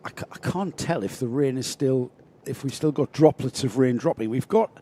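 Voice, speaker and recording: Mellow-voiced male co-commentator. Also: mid-range voice, normal speed. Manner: steady, reads out grid orders. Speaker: karting co-commentator. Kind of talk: live race commentary.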